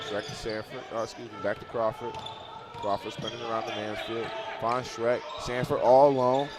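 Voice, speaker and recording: A man doing casual, chatty play-by-play for a college basketball game. He sometimes bursts into loud, excited calls on big plays. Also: on the low side. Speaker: play-by-play commentator.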